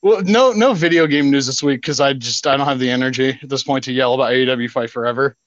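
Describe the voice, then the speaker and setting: A man's voice: medium pitch, fast talker, no echo, lo-fi sound. A young man hosting a podcast, casually rambling and cussing as he chats. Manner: rambling, laughing, profane storytelling. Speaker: podcast host. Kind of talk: casual chat.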